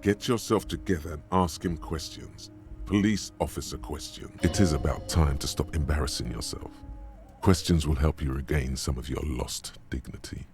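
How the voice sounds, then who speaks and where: A man's voice: a bass voice, moderate pace, a little mellow, faint music behind. A man narrating a video game as the grave, mocking inner voice of a troubled detective.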